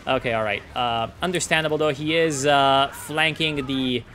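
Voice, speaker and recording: A man casting a strategy game in casual, excitable commentary, swearing and ranting at the players. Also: mid-range voice, moderate pace, a little hiss or hum. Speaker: game caster.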